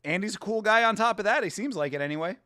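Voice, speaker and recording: A man in his thirties hosting a casual watch-along, excitable, slangy and laughing often. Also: high-pitched, quick pace. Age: 30s. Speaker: host.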